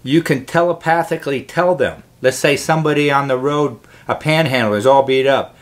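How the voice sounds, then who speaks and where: A man's voice: mid-range voice, moderate pace. A man hosting his own show, giving an earnest, rambling spiritual monologue to camera with many restarts. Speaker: host.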